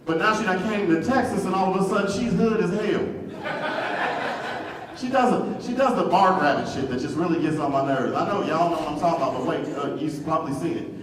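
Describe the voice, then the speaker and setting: A man's voice: a little high, a little fast. A man from Detroit doing a stand-up comedy set, brash and profane, baiting the crowd, on a comedy club stage. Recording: echoey club hall from far off, crowd.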